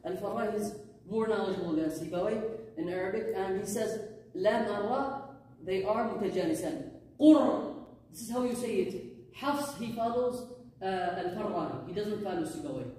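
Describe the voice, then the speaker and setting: A woman's voice: medium pitch, normal speed, a little mellow, far from the mic, slight background noise. A woman teaching a Quran recitation class, explaining the rules and drilling phrases aloud, often checking with her students. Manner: explains patiently, drills Arabic phrases aloud, asks "huh?" to check understanding. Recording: very echoey room, voice picked up from afar.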